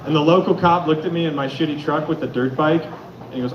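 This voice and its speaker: A man from Atlanta performing stand-up on a club stage, his voice a little high and full of sudden bursts. He sounds far from the mic, with a roomy echo and a noisy hum behind him. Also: brisk, lo-fi sound, crowd noise. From Atlanta, Georgia. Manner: loud, animated storytelling with sudden shouts. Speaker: stand-up comic. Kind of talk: stand-up comedy set.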